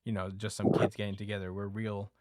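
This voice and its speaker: A man's voice: fairly low pitch, little pitch movement, fast talker, noisy background. A young man hosting a podcast, casually recapping a comic in a laid-back, slangy way with frequent laughs. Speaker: podcast host.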